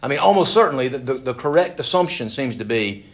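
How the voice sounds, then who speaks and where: A man's voice: medium pitch, animated, quick pace, a bit bright. A man teaching a Bible passage to a group in a conversational way, often asking them questions and repeating words as he restarts. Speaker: Bible study leader.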